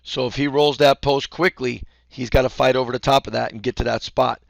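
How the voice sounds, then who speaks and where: Male basketball coach teaching defense; casual, gravelly, mid-pitched voice. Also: fairly even intonation, a little fast, no echo, studio quality. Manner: explains casually, acts out courtside calls. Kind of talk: instructional talk.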